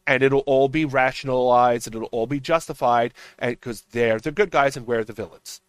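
A man's voice: mid-range voice, fairly even intonation, normal speed, clean tone, no echo. A man on a political podcast panel, ranting emphatically and swearing as he argues. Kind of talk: heated political roundtable talk.

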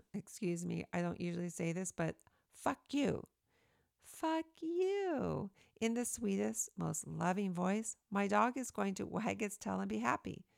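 A woman reading her own opinion essay aloud in an earnest, emphatic, steady way, recorded close to the mic. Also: mid-range voice, creaky, no room sound.

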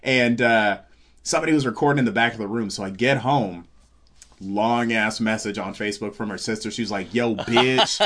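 A man's voice: lowish voice, brisk. Guy telling a wild story on a podcast, swears a lot, acts out what people said. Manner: animated storyteller, acts out quotes, swears freely. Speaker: comedian guest. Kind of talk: casual storytelling chat.

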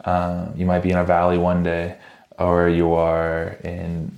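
A man's voice: sits low, monotone, unhurried, a little mellow, dull audio. A man hosting a podcast, talking casually and encouragingly about faith, rambling with restarts. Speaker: podcast host. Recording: roomy echo.

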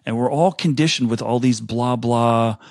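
A man chatting as a podcast guest, telling stories in an animated way with frequent restarts. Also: medium pitch, normal speed, vocal fry, dry recording, clean studio sound. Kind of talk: casual interview chat.

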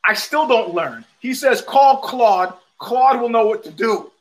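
A man's voice: extremely high pitch, animated, unhurried, poor audio. A middle-aged man hosting a show, telling a long profane story and acting out the people in it. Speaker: host. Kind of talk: storytelling monologue.

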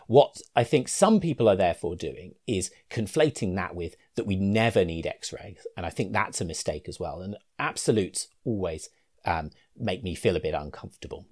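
Male clinician-educator, low and animated, conversational with asides. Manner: reasoned, conversational, with fillers and asides. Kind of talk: explanatory talk to clinicians.

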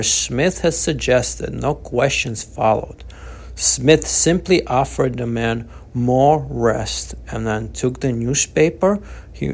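Slow, gravelly male audiobook narrator. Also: mid-range voice, darkish tone. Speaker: author reading his book.

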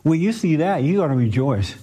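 A man's voice: a little high, big pitch swings, a little fast, dark tone, husky. A man giving spiritual counsel to a group in an emphatic, insistent way, repeating his points. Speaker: spiritual teacher.

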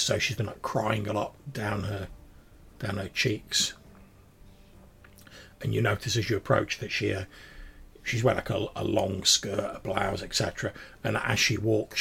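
A man's voice: lowish voice, gravelly, fairly bright tone, breathy edge. A man narrating a tabletop role-playing game as game master, rambling with many fillers.

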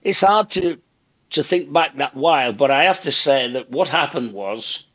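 A man's voice: fairly high pitch, normal speed, husky, dry recording, dull audio. An older man, telling a story as a guest in a casual chat and repeating himself for emphasis. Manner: animated anecdote teller, repeats himself for emphasis, acts out quotes. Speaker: guest comedian.

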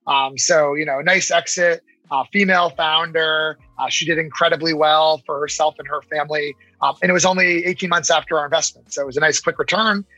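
A man being interviewed as an investor, talking quickly and animatedly, often acting out what others might say. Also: a little high, no echo, low-quality recording. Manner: fast, animated, acts out quoted voices. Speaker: investor and podcast guest. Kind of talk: casual interview talk.

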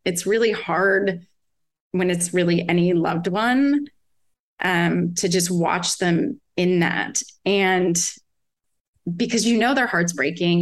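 A woman in her forties, a mother talking earnestly in casual conversation, rambling with restarts and many fillers. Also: on the low side. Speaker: podcast guest, mother.

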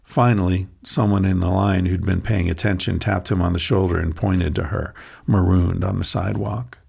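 A man reading a short story aloud in a soft, measured narrating voice, with a husky, gravelly tone. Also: sits low, steady tone.

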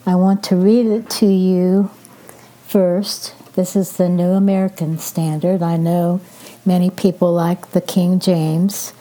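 An older woman reads scripture aloud with a very dark, mellow tone, slightly low in pitch. She moves slowly and gently, pausing between phrases as she reflects in a devotional style. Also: level tone. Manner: slow, gentle, measured reading with pauses. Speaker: podcast host reading scripture.

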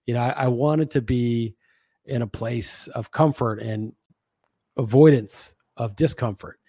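A man hosts his own podcast, thinking out loud in a frank, wandering monologue and swearing casually as he goes. His voice sits at an ordinary middle pitch. The recording is dry and close, with no room sound around him. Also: measured pace, husky, no room sound. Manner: frank, musing, casually profane. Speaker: podcast host. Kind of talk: reflective solo monologue.

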